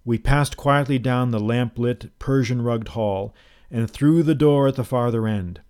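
Man narrating a tale, middle pitch. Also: unhurried, darkish tone, clear, resonant tone. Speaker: audiobook narrator. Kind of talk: first-person storytelling narration.

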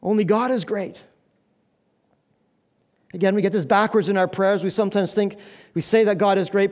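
A man's voice: high voice, a little mellow. A male pastor preaching a sermon in an earnest, conversational way, asking the congregation questions.

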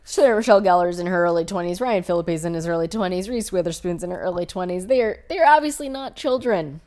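A woman co-hosting a podcast, talking about films in an animated, blunt way. She swears freely and fills her talk with "like". Her voice sits a little low for a woman. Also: quick pace. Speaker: podcast co-host. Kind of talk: casual film discussion.

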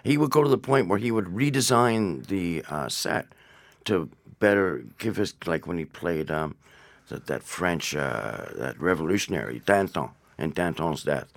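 A Canadian stage actor telling theatre anecdotes in a studio interview. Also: male voice, low voice, animated, a little slow, creaky, no room sound.

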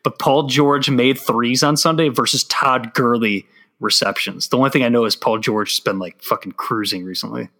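A man hosting a casual podcast about sports betting, talking loosely with quick asides and swearing. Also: mid-range voice, fairly even intonation, sharp tone. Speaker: podcast host.

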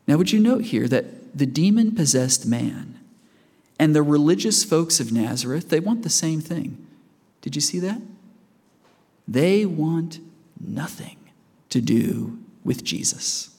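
A man's voice: fairly high pitch, lively intonation, slow pace, a little mellow. A man preaching a sermon in a church, conversational and asking the congregation questions as he goes. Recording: reverberant church hall.

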